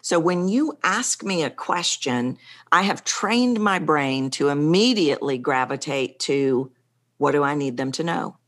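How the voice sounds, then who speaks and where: A woman's voice: deep voice, lively intonation, unhurried. A middle-aged woman speaking coach, talking animatedly in an interview and shifting her pace for emphasis. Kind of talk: conversational interview.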